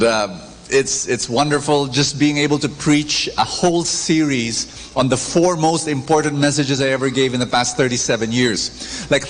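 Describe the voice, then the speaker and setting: A preacher giving a lively sermon, acting out stories and calling for audience responses. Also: male voice. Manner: animated storytelling, acts out characters with big pitch swings. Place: large church. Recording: reverberant church hall, faint background noise.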